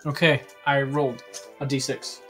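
A man's voice: mid-range voice, little pitch movement, normal speed, a bit bright, soft background music, rough recording. Hesitant man playing a tabletop game. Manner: hesitant, full of ums. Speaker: player. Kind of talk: casual tabletop game play.

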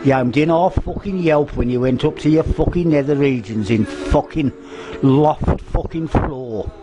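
Music plays under a low-quality recording of an older man touring the derelict loft of the cottage he's renovating for his vlog. His slightly high voice keeps a measured pace while he rambles, swears nonstop, forgets things and struggles to find his words in the half-stripped room.

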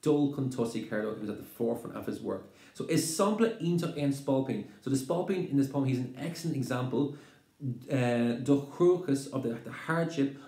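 Irish guy teaching exam prep, mellow voice, bit of room echo, explains stuff step by step. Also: medium pitch. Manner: explains slowly, mixing Irish phrases with English glosses. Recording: roomy echo.

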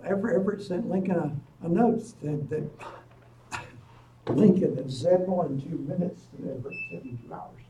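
A man, a professor, giving a history lecture to a college audience. He tells the story in a lively way and breaks in with offhand asides. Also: on the high side, moderate pace, dull audio. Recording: echoey room, distant mic, faint noise.

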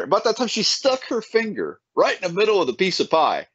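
A man telling a folksy story in casual chat, his voice leaping high whenever he quotes people. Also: sing-song, fast talker, hardly any pauses, a bit bright, breathy edge, no echo. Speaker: podcast guest. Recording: dull lo-fi sound.

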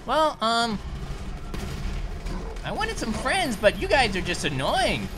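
Woman gaming host, playful and giggly, lively swooping voice, game music under her. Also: on the high side, slow, pauses often. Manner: giggly, playful, often shouting. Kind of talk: let's play commentary.

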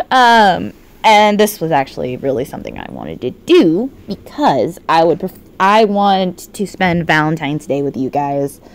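A woman streaming a game, chatting casually and reacting with excited exclamations and swearing. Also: fairly low pitch, a little slow. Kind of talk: casual live-stream chat.

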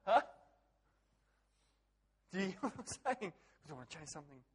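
A man preaching a sermon to a congregation, animated and joking, often laughing and asking the people questions. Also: high voice, normal speed, husky. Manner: animated, joking, laughs at his own stories; talks directly to the congregation with frequent questions. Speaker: pastor. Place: church hall. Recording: long reverb of a church hall.

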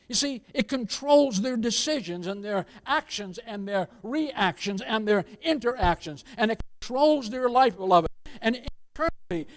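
A man with a high-sitting voice preaches a sermon during a church service. He's a pastor speaking emphatically, firing off rhetorical questions, calling for amens, and addressing the congregation as beloved.

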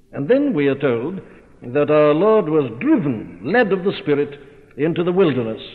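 A man preaching in a slow, stately, measured way that swells with force at moments. His voice sits fairly high and carries a long hall reverb. The recording is thin and phone-like, as from an old church tape. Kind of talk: sermon. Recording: tinny narrow-band recording in a reverberant hall.

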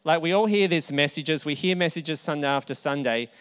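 A man's voice: a little high, brisk, fairly bright tone, smooth. A male pastor with an Australian accent, telling a personal story in a conversational sermon with asides and self-corrections. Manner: conversational, anecdotal, with asides and restarts.

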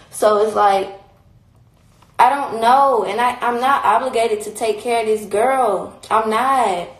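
Speaking at a measured pace in an echoey room, a young livestreamer with a somewhat high voice goes off in a casual rant from her phone. She's heated and blunt, repeats herself, and swears a lot; the audio quality is rough.

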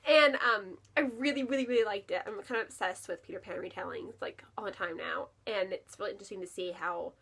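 A woman's voice: mid-range voice, a little fast, creaky, few pauses, fairly bright tone, a little hiss or hum. A woman talking casually and enthusiastically at home, with lots of fillers and repeated words. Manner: chatty and enthusiastic, with many fillers and repeated "really". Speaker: book vlogger. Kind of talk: casual chat. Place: home, near her bookshelf.

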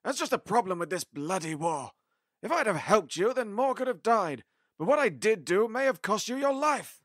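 A grave, weary time-traveller, played by a man in a fan audio drama, his high voice set close and dry. He speaks with heavy emphasis, as if carrying the weight of a long war. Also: animated, fairly quick, slightly rough, no room sound.

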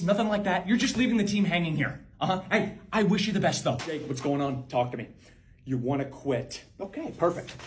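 A man's voice: high-pitched, slight background noise. A man doing a cold, blunt office boss. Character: blunt arrogant male boss. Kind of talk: comedy sketch.

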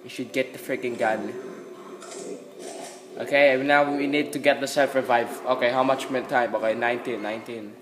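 A man giving excited gameplay commentary, repeating exclamations and talking to the screen. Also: medium pitch, normal speed. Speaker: gamer.

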